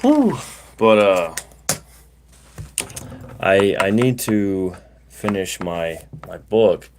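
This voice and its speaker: A man's voice: low-pitched, steady tone, drawn-out words, darkish tone, a little hiss or hum. A middle-aged man, hosting a casual livestream and telling a rambling story full of fillers and restarts. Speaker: livestream host.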